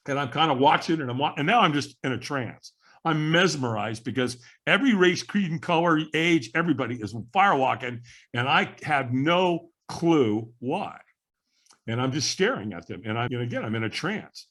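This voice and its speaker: Male guest, lively storyteller with a slightly husky voice and a higher-than-usual pitch. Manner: animated storyteller, acts out quoted voices. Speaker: podcast guest. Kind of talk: storytelling in casual interview.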